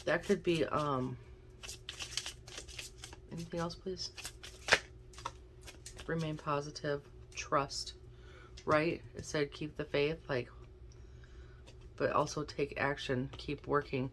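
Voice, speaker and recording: A woman's voice: low voice, steady tone, slow, long pauses, slight background noise. A woman giving a casual tarot and oracle card reading, chatting and thinking aloud as she draws cards. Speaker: intuitive card reader.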